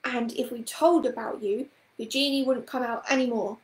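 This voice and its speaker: A woman's voice: fairly high pitch, fairly even intonation, normal speed, roomy sound, natural voice. A woman voicing an eager young boy who speaks keenly and earnestly.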